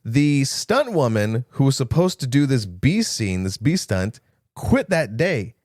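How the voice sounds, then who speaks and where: A man's voice: medium pitch, big pitch swings, a little slow, darkish tone, no echo, clean studio sound. A young man co-hosting a casual movie podcast, recapping scenes with jokes and quoted lines. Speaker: podcast co-host.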